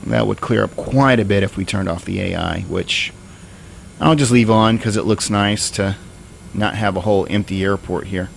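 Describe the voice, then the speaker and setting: A man's voice: fairly low pitch, moderate pace, vocal fry, slight background noise. A man streaming a flight simulator, thinking aloud in casual, rambling commentary.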